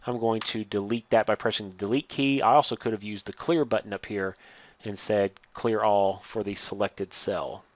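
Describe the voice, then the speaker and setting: A man teaching a step-by-step software lesson, reading each instruction aloud and then explaining it as he works on screen. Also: fairly low pitch, steady tone, normal speed, no room sound. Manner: reads steps aloud, then explains while clicking. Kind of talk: software tutorial walkthrough.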